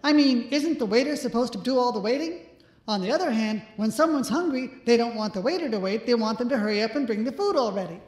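A woman's voice: fairly high pitch, animated, fast, darkish tone, close to an everyday voice. A woman voicing a chatty, complaining disembodied voice that rambles on. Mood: nagging. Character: nagging disembodied mystery voice, woman. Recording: roomy echo.

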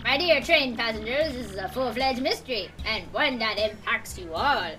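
A pompous, high-pitched penguin detective, played by a woman for a game let's play. He speaks in lofty, self-satisfied phrases with a lively, swooping voice. Music plays clearly behind him. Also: normal speed. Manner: pompous, grandiloquent.

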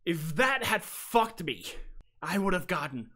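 A man's voice: high-pitched, big pitch swings, a little slow, sharp tone. A young man streaming a horror game live, swearing freely and bantering with his chat. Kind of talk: live gameplay commentary.

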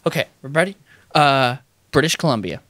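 A man's voice: mid-range voice, brisk, no room sound. A young man co-hosting a podcast, chatting casually and playfully. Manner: lively, playful, slips into jokey voices. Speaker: podcast co-host. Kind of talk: casual chat.

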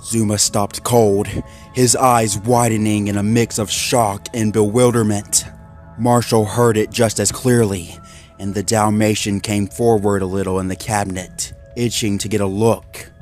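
A man reading a horror story aloud in a measured, dramatic voice-over. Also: on the low side, flat delivery, a little mellow. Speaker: narrator. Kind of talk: scripted horror story narration. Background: faint background music.

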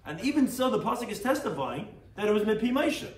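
A man's voice: high voice, fast talker. A man, a rabbi teaching a daily Talmud class, reads Aramaic phrases and explains them in English, acting out the sages. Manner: animated, acts out the quoted sages. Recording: echoey room, far from mic, faint noise.

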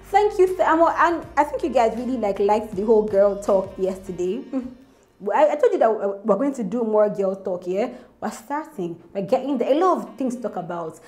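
A woman, chatting excitedly as a gossip vlogger to her viewers. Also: medium pitch, normal speed. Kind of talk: casual gossip commentary to viewers. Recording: roomy echo with faint music.

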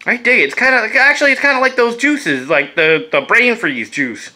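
Bright-voiced laid-back man vlogging. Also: very high-pitched, expressive, brisk. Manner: laid-back, chatty, swears casually. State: coughing now and then. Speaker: vape reviewer. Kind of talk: casual product review vlog.

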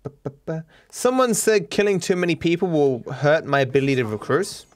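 An Australian man livestreaming a video game, joking deadpan as he plays. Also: a little high, brisk, no room sound. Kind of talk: casual game commentary.

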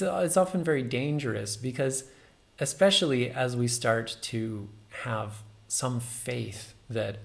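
A man's voice: mid-range voice, creaky. A man giving a casual, musing meditation talk, full of fillers and small self-amused laughs.

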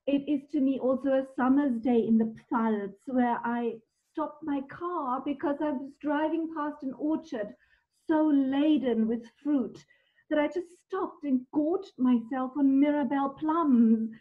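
Woman on a tinny call line. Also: high-pitched. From Germany. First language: German. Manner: enthusiastic, descriptive, frequent ums. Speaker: guest wine expert. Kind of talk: conversational video discussion. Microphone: video call.

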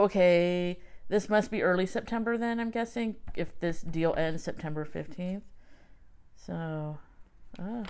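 A woman with a smooth voice chats casually as she reads an old music magazine out loud. She is wry and self-mocking, and she often breaks off to gasp over a find. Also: lowish voice. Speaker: podcast host.

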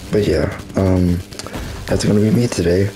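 A man hosting casual gameplay commentary, his voice hoarse and rough as if it is going out, chatting and reacting with quick exclamations while he races. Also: deep voice, steady tone, over music, low-quality recording. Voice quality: rough, smoker-like. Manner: chatty, laughs often, exclaims at the race. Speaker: gaming channel host.

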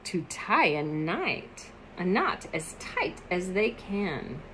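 A woman's voice: fairly low pitch, big pitch swings, slow pace, a bit bright, a little hiss or hum. A woman reading a picture book aloud expressively, adding chatty asides about the pictures.

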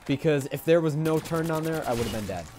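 A young man giving live commentary over his own gameplay, excitable, swearing, rambling and repeating himself as he plays. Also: fairly high pitch, quick pace, noisy background.

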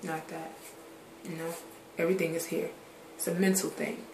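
Grown woman, low-ish voice, candid vlogger, rambling and blunt, echoey room. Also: little pitch movement, normal speed, darkish tone, a little hiss or hum. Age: adult. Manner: rambling, drifts from subject to subject; frank, swears casually. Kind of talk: candid personal vlog talk. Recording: roomy echoey recording.

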